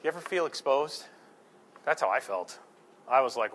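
A middle-aged male pastor preaching a sermon, animated, telling stories and asking the congregation rhetorical questions. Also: mid-range voice, normal speed, long pauses, slight background noise. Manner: animated storytelling with acted-out quotes and rhetorical questions.

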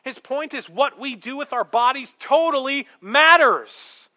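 A man's voice: very high voice, a little slow, pushed and bright. A male pastor preaching a sermon, emphatic, with rhetorical questions and humorous asides.

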